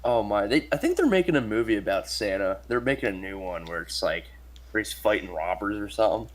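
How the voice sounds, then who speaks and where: Lower-voiced man joking in a casual chat. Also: expressive, a little fast, slight background noise. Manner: joking, laughs a lot. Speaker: co-host.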